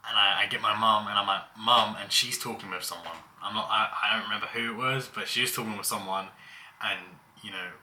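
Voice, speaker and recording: Bright-toned young man reminiscing. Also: on the low side, steady tone, fast. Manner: chatty, laughs while telling stories. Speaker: vlogger. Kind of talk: casual storytelling.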